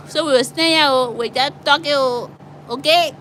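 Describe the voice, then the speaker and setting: A woman telling a story in casual talk, acting out both sides of an exchange in lively bursts. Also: high-pitched, moderate pace. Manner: animated, acts out both sides of a traffic stop in Liberian English.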